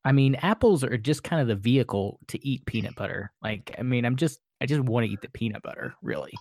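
A man's voice: mid-range voice, lively intonation, fairly quick, a little mellow, dry recording, studio quality. A man co-hosting a podcast, chatting in a laid-back, hesitant way with plenty of fillers. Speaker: podcast co-host. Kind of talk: casual chat.

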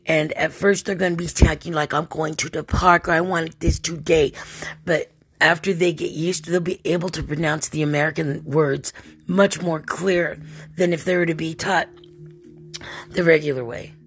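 A woman's voice: low-pitched, fairly even intonation, moderate pace, husky, soft background music. A woman hosting a podcast alone, talking in a rambling, chatty way and laughing often. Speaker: podcast host. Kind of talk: casual solo podcast monologue.

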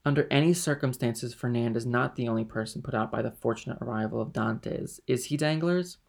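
A man voices a rowdy, drunken, envious middle-aged sailor, slurring through boisterous tavern bluster. His voice is medium-pitched and creaky, and he talks fairly quickly.

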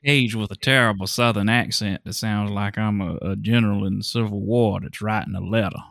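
Bright-voiced man hosting a podcast. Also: lowish voice, fairly even intonation, brisk, vocal fry, no room sound. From Alabama. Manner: laughs often, chatty. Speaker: podcast host. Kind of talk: casual movie podcast chat.

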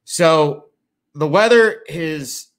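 A man's voice: a little high, lively intonation, drawn-out words. Tired, swearing man streaming live. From Chicago area. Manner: rambling, profane, tired. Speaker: livestream host. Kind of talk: casual livestream chat.

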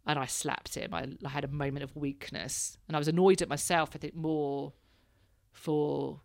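A woman's voice: low-pitched, fairly even intonation, normal speed, gravelly, a little mellow, no room sound, studio quality. A woman in her thirties, hosting a casual chat and telling candid stories, laughing now and then. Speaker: podcast host, mother.

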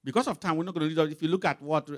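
A man's voice: on the high side, very fast. A man preaching a sermon with emphatic, rising and falling delivery, calling out scripture references for a reader to read aloud.

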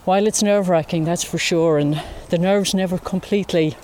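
A woman's voice: lowish voice, steady tone, darkish tone, slight background noise. A woman in her fifties with an Irish accent, a photographer chatting as a guest while walking outdoors by a lake. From Ireland. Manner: chatty storyteller, unhurried. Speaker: interview guest, wildlife photographer. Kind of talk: casual chat.

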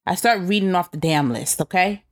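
A woman's voice: on the low side, moderate pace. A woman chatting casually, telling a story and addressing viewers directly. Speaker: co-host. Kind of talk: casual chat.

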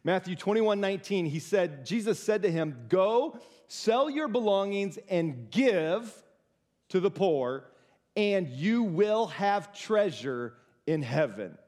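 A man preaching a sermon as pastor, talking to the congregation in a conversational, animated way with direct asides. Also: sits high, slow.

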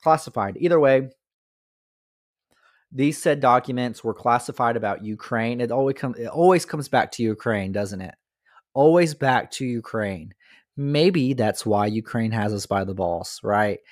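A man's voice: mid-range voice, expressive, unhurried, dry recording. Guy doing a mocky sarcastic rant, lots of rhetorical questions, dead dry mic. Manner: sarcastic, mocking. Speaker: political commentator. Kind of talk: opinion monologue.

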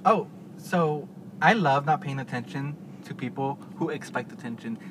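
A man's voice: medium pitch, moderate pace. A man co-hosting a casual podcast, telling stories in a sassy, dramatic way. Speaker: podcast co-host. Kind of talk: casual chat. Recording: noisy corrupted mic.

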